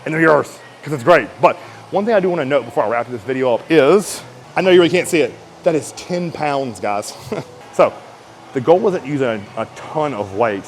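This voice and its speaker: A man coaching a shoulder exercise in a casual, energetic way, talking while he lifts and strains through the reps. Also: mid-range voice, moderate pace, soft background music, low-quality recording. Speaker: fitness coach.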